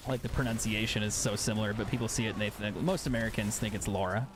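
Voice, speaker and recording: A man's voice: fairly low pitch, fast talker, noisy background. A young man streaming a game live, chatting casually and sarcastically, swearing freely. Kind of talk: casual chat while gaming live.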